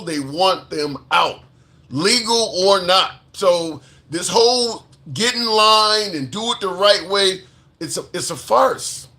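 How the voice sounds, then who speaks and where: Indignant man with a bright high voice. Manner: indignant, emphatic, repeats phrases for stress. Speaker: political commentary streamer. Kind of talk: live-stream commentary with viewer comments.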